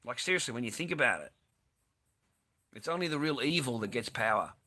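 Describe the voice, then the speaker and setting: A man's voice: mid-range voice, animated, brisk, bright, forceful tone. A man ranting over news clips in a crude, sweary, sarcastic way. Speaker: online streamer.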